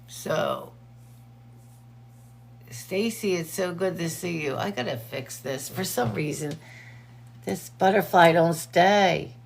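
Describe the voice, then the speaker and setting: Slow, gravelly-voiced woman hosting a livestream. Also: on the low side, slight background noise. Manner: chatty, greets viewers by name between updates. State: teary eyes from allergies. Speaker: livestream host. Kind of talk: casual livestream chat greeting viewers.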